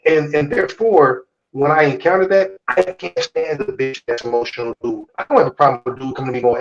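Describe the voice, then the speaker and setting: A man's voice: on the high side, fast, creaky, hardly any pauses, muffled recording. A man hosting a live-stream talk show, speaking bluntly and preachily, with lots of swearing. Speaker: podcast host. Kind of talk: casual chat on a live stream.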